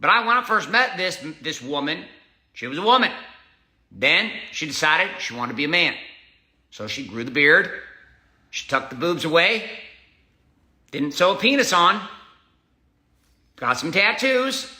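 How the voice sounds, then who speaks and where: A man's voice: a little high, expressive, a little slow, long pauses, sharp tone, roomy sound. A man hosting a motivational monologue, intense and combative, swearing often and hammering short repeated phrases. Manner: punchy emphatic delivery with short repeated phrases. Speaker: host.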